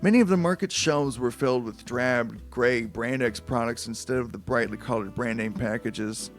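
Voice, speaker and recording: A man's voice: mid-range voice, moderate pace, faint music behind. A man casually reading a novelization aloud on a live stream, with chatty asides. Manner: loose, chatty asides and restarts.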